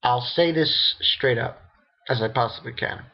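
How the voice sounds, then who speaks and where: Excitable, profane young man reviewing anime. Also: a little slow, creaky, highs cut off. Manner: excitable and profane, rambling, jumps into shrill disbelief. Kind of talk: casual webcam review rant.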